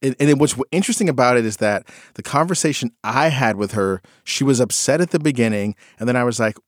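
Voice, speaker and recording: Male podcast host, mid pitch, reflective casual storyteller, dry close sound. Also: quick pace, dry recording. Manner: reflective storyteller, animated when quoting his kids. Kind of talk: casual chat.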